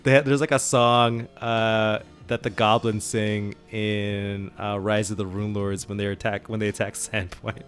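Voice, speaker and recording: A man's voice: lowish voice, level tone, a little slow, hardly any pauses, fairly bright tone, faint music behind. A man co-hosting a tabletop gaming podcast, talking casually with frequent laughs and fillers. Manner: chatty, laughs often, many fillers. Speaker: podcast co-host and game master.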